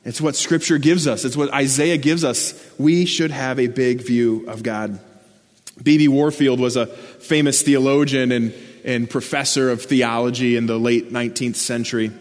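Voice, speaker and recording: A man preaches earnestly at moderate pace, unpacking scripture and hitting important words with mounting emphasis. His mid-pitched voice keeps a fairly even intonation, and a long reverb follows it as though he's in a big hall.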